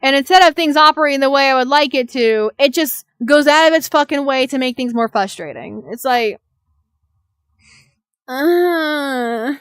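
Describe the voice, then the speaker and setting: A woman's voice: high voice, fairly quick, few pauses, a bit bright, no room sound, studio quality. A young adult woman streamer venting in an exasperated, profane rant. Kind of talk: venting live-stream chat.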